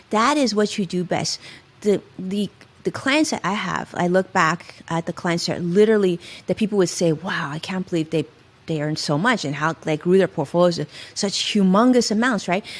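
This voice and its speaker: A middle-aged woman, a financial advisor, giving emphatic and expressive advice as a guest in an interview. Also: mid-range voice. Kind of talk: interview conversation.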